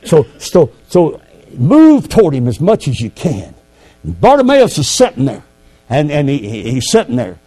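Fervent male preacher, higher voice, lots of swing between soft asides and loud cries. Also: wildly swooping pitch, moderate pace. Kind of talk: sermon.

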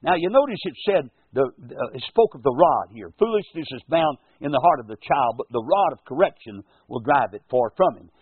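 An older man preaching a folksy radio sermon as pastor and host, slowing down to quote scripture. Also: medium pitch, expressive, dry recording. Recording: tinny, husky lo-fi radio broadcast.

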